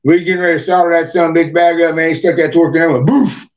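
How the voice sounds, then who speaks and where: A man's voice: fairly high pitch, fairly even intonation, very fast. A man telling a long rambling story in casual chat, cursing constantly and padding with "man" and "you know". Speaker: podcast guest, moonshiner. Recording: dull lo-fi podcast audio.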